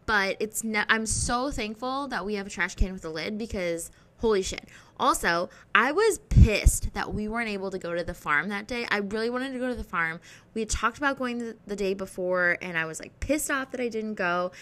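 A young woman with a bright, clear voice tells a rambling story to her viewers. She swears freely and jumps between topics with lots of filler words. Her delivery stays lively and unscripted. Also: medium pitch. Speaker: vlogger. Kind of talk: rambling casual monologue.

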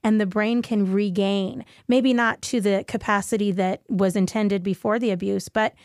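A woman hosts a conversational interview and keeps chiming in with affirming interjections. Her voice sits at an ordinary pitch. The sound is dry and close, with no room echo. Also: steady tone, moderate pace. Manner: warmly affirming, frequent encouraging interjections. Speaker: host.

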